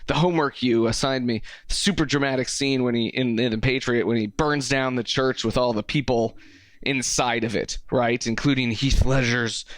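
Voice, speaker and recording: A man co-hosting a casual podcast, asking questions and reacting with halting jokes. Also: medium pitch, steady tone, no room sound. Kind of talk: casual chat.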